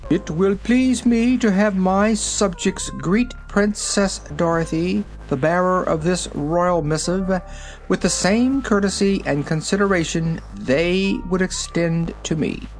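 A man voicing a pompous male white rabbit gatekeeper in a storybook, sharp and officious. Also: sits high, slow pace, soft background music, voice pushed up.

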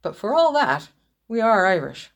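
A woman's voice: medium pitch, sing-song, normal speed. A woman reading the lines of a solemn, dignified count in a ghost story. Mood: proud. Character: solemn Italian count of Irish descent, man.

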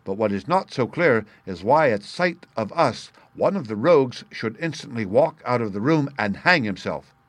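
A man reading the lines of a sharp, confident male detective in a crisp, explanatory manner. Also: medium pitch, moderate pace, dry recording, natural voice. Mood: explaining. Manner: crisp, explanatory, bursts of excitement.

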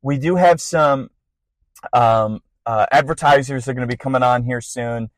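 A young man hosting a podcast, telling a personal faith testimony in a casual, rambling way with bursts of excitement. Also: mid-range voice, moderate pace, dry recording, low-quality recording. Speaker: podcast host.

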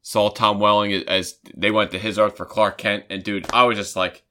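Bright-voiced man rambling excitedly. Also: lowish voice, normal speed, slight background noise. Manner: rambling, restarts often, excited fan talk. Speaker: podcast co-host. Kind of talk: casual chat.

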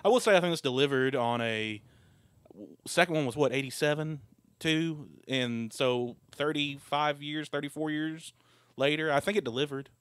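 A man hosting a casual movie podcast, relaxed and steering the conversation. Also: on the high side, moderate pace, smooth, no echo. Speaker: podcast host. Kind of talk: casual chat.

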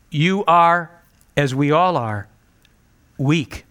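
A male pastor delivers a sermon in an earnest, direct way, pressing his listeners to hear him. His voice sits a little high for a man and rings bright and forceful. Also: animated, normal speed.

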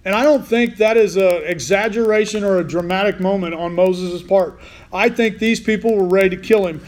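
A man whose voice sits high preaches at normal speed. His Bible sermon is casual and conversational, and in his informal way he asks the listeners questions as he goes.

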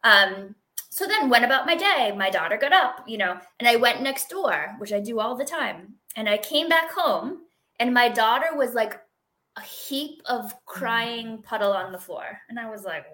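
A middle-aged woman speaks as an interview guest, her voice bright and a little high. She talks in a chatty, animated way, full of fillers and quick laughs. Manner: chatty, expressive, lots of "like" and laughs. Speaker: guest sharing a healing story. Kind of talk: casual interview conversation.

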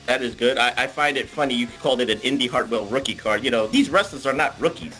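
A man hosting a casual podcast over a video call, excitable and theatrical, with grandiose self-introductions. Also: mid-range voice, fast talker, faint music behind, poor audio. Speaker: podcast host. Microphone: remote video call.

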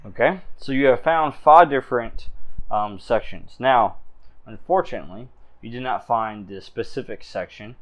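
A man's voice: medium pitch, moderate pace. A man as game master narrating a tabletop game, chatty and laughing often, with frequent fillers.

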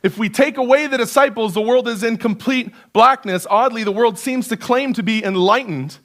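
A pastor preaching a sermon in church, earnest and conversational, building emphasis through repetition. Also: male voice, extremely high pitch, moderate pace, a bit bright. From Canada. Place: church sanctuary.

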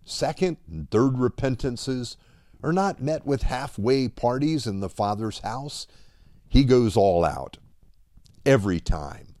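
A man preaching a dramatic devotional sermon, slow and deliberate, often dropping to a hush at the end of a line. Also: medium pitch, lively intonation, no room sound.

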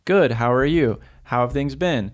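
A young man in casual chat as a podcast co-host, relaxed and swearing freely, often acting out quoted voices. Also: medium pitch, normal speed.

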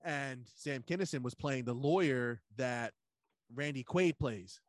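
Animated, swearing man with a dry mic. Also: medium pitch, unhurried, dry recording. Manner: animated storyteller, swears a lot, acts out movie quotes. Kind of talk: casual chat.

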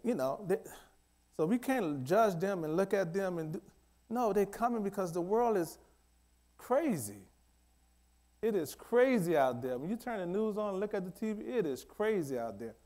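Emphatic preacher man, fairly high voice. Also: very animated, normal speed. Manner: emphatic, repetitive, swings between loud declarations and quiet asides. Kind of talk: sermon.

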